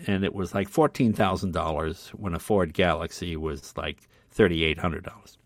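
An older man, a guest on an interview show, telling casual anecdotes in an animated way. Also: deep voice, moderate pace, dry recording, clean studio sound. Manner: animated, loud when acting out quotes.

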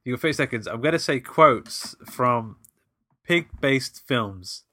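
Bright, playful man. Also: mid-range voice, animated, measured pace, no room sound, studio quality. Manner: playful, laughs often, reads quotes aloud. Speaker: podcast co-host. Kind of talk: casual chat, quiz game.

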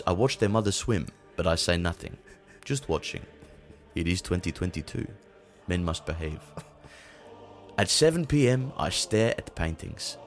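Man doing a pompous deadpan Dutch father. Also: lowish voice. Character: brutish self-important Dutch father. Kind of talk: comic reading of a spoof blog.

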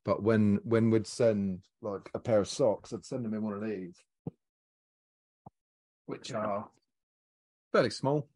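Exasperated host, low voice. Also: male voice, takes it slowly, long pauses, no echo. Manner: animated storyteller, swears when exasperated. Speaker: podcast host. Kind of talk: casual podcast chat.

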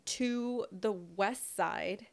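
A young woman co-hosts a podcast, speaking extremely slowly in a creaky, medium-pitched voice. In casual chat she tells a story, acting out both sides of a conversation.

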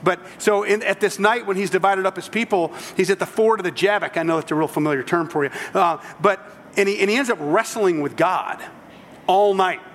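A man's voice: sits high, fairly quick, fairly bright tone, in a large hall. A man preaching a sermon, telling the story in a conversational way with humorous asides. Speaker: pastor.

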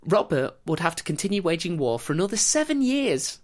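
Woman host, low-pitched, wry and jokey, telling history to a co-host. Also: big pitch swings, a little fast. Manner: wry, jokey, breaks into laughter. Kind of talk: casual storytelling chat.

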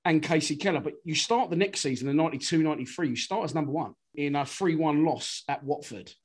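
A man's voice: a little high, slightly rough. A man hosting a casual interview and asking a former player about past seasons. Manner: quick, chatty, fan-like questions. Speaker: podcast host, interviewer.

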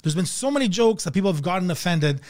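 Profane rambling comedian, higher-pitched man. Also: lively intonation, quick pace, darkish tone. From Canada. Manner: rambling, profane, laughs often. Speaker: comedian and podcast host. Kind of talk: casual chat.

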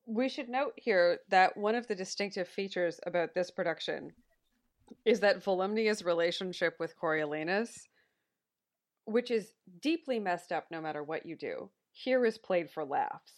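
A woman's voice: lowish voice, moderate pace. A woman co-hosting a podcast, making dry, matter-of-fact remarks about a theatre production. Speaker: podcast co-host. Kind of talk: casual theatre discussion.

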